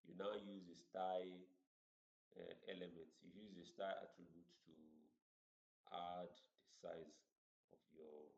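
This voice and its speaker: Man, low voice, halting tutorial delivery, dull roomy lo-fi recording. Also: flat delivery, gravelly, a little mellow. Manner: halting, repeats words while explaining. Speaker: coding instructor. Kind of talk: screen-share coding tutorial.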